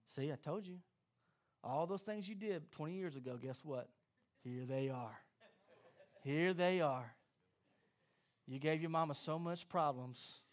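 A man's voice: on the high side, measured pace, long pauses, pitched below the performer's own voice, close to an everyday voice. A man voicing a sneering male devil who mocks and taunts a believer. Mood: mocking. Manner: mocking, gloating.

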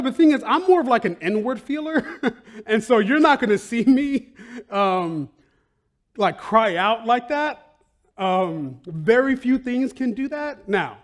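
A man pastor preaching a sermon in a conversational, animated way, laughing often and tossing in "right?" and "like". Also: extremely high pitch. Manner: animated, bursts into loud excited outcries, laughs often.

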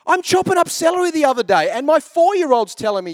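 A man's voice: very high-pitched, sing-song, fast talker, no echo, studio quality. A man in his thirties preaching a sermon as pastor, telling jokey stories in a chatty way. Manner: chatty, joking storyteller.

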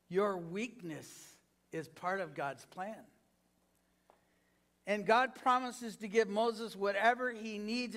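High-pitched man preaching a sermon. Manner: preaching to a congregation, acting out quoted lines with swings in pitch and loudness. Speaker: pastor.

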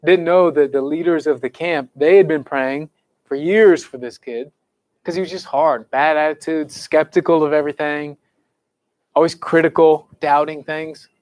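On the high side and a little mellow, this young man's voice has fairly even intonation and a moderate pace, recorded with no echo. As camp speaker, he tells students and counselors a conversion story in an earnest, conversational sermon, quoting people casually, then leads a prayer.

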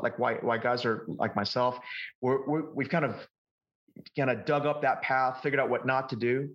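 A man being interviewed as a market forecasting coach, telling lively anecdotes with frequent restarts. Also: mid-range voice, dull audio. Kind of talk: conversational interview storytelling.

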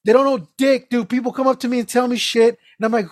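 A man on a casual podcast, telling animated stories with lots of swearing and laughter. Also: very high-pitched, fast, no room sound, clean studio sound. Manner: animated storytelling, heavy swearing, frequent laughs. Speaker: podcast co-host.

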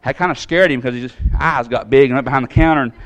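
A Tennessee man delivers a sermon built around a personal story, voicing the characters himself and swinging between loud and soft. He talks fast at a medium pitch.

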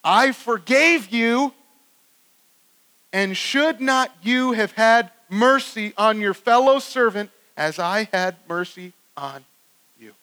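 Brief: stern king delivering a slow rebuke, read out by a man in a sermon. High, bright tone. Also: animated. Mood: reproachful. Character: stern king scolding an unforgiving servant.

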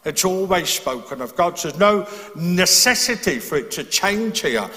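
A man's voice: high voice, expressive, moderate pace, sharp tone. A man preaching a sermon, explaining earnestly and often restarting his phrases. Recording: long hall reverb.

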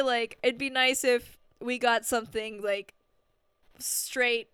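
A woman co-hosting a podcast in casual chat, chatty and quick to laugh. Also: fairly high pitch, steady tone, a bit bright, clear, resonant tone, no room sound. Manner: chatty, giggly. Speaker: podcast co-host.

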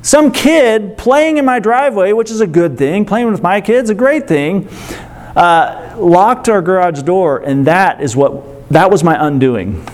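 A middle-aged male pastor giving a sermon, telling a story with animated, self-deprecating humor. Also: high-pitched, unhurried.

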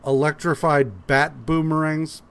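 A man's voice: on the high side, unhurried, creaky, fairly bright tone. A man on a podcast recapping a comic casually, swearing and acting out the characters' lines as he goes. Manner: profane, acts out characters' lines while retelling. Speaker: podcast co-host.

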